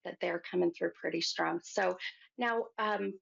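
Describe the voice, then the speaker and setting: A woman hosting a psychic show, giving a gentle reading to a caller and calling her hon. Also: on the low side, a little slow, creaky, breathy edge. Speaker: psychic medium host. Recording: muffled lo-fi sound.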